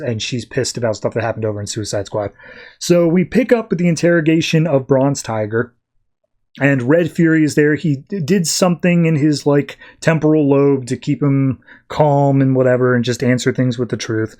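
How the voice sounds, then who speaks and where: A man's voice: medium pitch, darkish tone. Casual man recapping comics. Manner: chatty, loose paraphrase with offhand asides. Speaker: podcast host.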